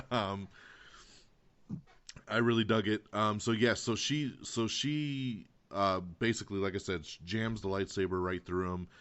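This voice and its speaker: Host, male, lower-pitched, excitable and swearing, muffled podcast recording. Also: unhurried, smooth. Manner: animated, profane, excitable storyteller. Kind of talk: casual movie review chat. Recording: dull lo-fi podcast audio.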